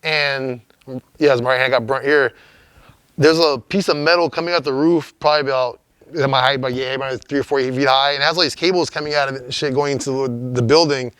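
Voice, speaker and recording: A young man from Los Angeles, a graffiti writer, telling a story in an interview in a rambling, profane, animated way. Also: mid-range voice, quick pace, clean tone, no room sound, clean studio sound.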